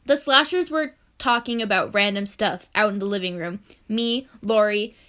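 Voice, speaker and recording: A woman's voice: mid-range voice, normal speed, bright, forceful tone. A young woman co-hosting a podcast, reading fan fiction aloud and often breaking into giggles. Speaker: podcast co-host.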